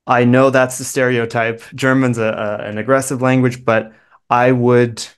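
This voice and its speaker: A Canadian man, a guest English teacher, talking slowly and clearly for learners in a thoughtful, explaining way. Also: fairly low pitch. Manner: measured, thoughtful, explains carefully. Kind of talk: slow clear conversation for learners.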